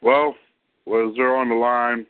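A man's voice: mid-range voice, little pitch movement, takes it slowly, clear, resonant tone, no room sound. A man hosting a live call-in internet radio show, chatting casually and rambling to fill time while he waits for callers. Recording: tinny phone line, dry.

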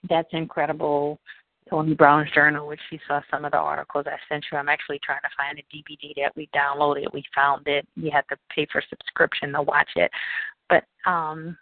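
A woman tells a childhood story in a fairly low voice, slipping into other people's voices as she quotes them. The sound is dry and tinny, like a phone line. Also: fairly quick, dry recording. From New Orleans, USA. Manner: animated, acts out quoted people in raised voices. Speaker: interviewee. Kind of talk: personal storytelling in an interview.

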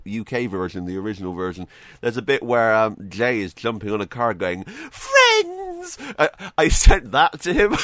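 A man's voice: mid-range voice, fairly bright tone, dry recording. A man hosting his own podcast, chatting casually and joking, laughing often and tripping over repeated words. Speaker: podcast host. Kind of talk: casual solo podcast commentary.

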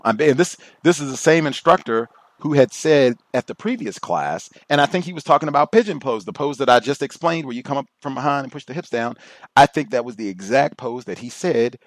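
A male podcast host tells a story from his own life in a loose, conversational monologue. His pitch sits in a middle range and his voice rises when he quotes other people. The recording is dry and close, with no room echo. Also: fairly quick.

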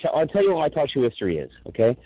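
A man's voice: mid-range voice, big pitch swings, very fast, dry recording. A man ranting angrily on a call, swearing heavily as he defends himself. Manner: angry ranting, heavy swearing. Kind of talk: heated phone chat. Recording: tinny dry phone line.

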